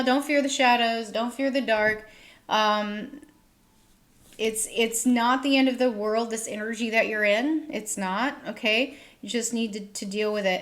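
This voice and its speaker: A woman with a fairly high voice talks her viewers through a tarot reading. She sounds reassuring, keeps checking in with them, and sometimes voices their worried thoughts aloud. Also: fairly bright tone. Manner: reassuring, repeats "okay?" often, acts out listeners' worried thoughts. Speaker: tarot reader.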